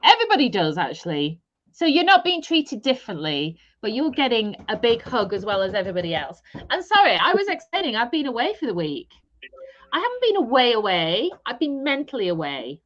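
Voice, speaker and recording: Bubbly woman with a lively, high voice. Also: fairly quick, highs cut off. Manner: bubbly, giggly, playful. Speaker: co-host of a live stream. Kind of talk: casual live-stream chat. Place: caravan in mid Wales, rain outside.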